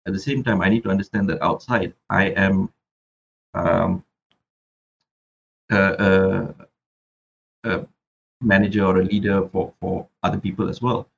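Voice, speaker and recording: A man's voice: deep voice, steady tone, measured pace, vocal fry, pauses often, lo-fi sound, slight background noise. A Malaysian man who raps, talking reflectively as a podcast guest and often repeating words while he thinks. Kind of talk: casual interview chat.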